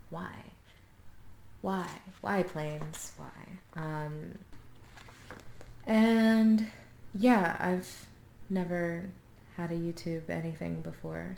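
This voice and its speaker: A woman's voice: fairly low pitch, gravelly, a little mellow. A young woman, chatting and reading a book aloud on camera at home, making joking asides. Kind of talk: casual vlog with read-aloud passages. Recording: echoey home room, faint background noise.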